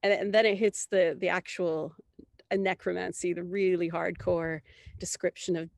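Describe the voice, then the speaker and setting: A woman from Canada, a guest in an interview, telling a story in an animated way with high bursts of laughter and many restarts. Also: normal speed, creaky, no room sound.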